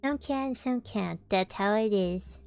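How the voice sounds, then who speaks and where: A woman voicing a simple, good-natured male teddy bear in a storybook reading, innocent and unhurried. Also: medium pitch, vocal fry, darkish tone, dry recording, pitched below the performer's own voice.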